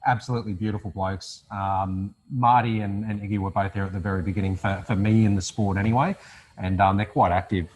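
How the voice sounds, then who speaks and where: A man's voice: lowish voice, fairly even intonation, fairly quick, a little mellow, poor audio. A man, hosting a casual interview in a friendly, upbeat way with many "ums". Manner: friendly, upbeat, filler-heavy. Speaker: podcast host.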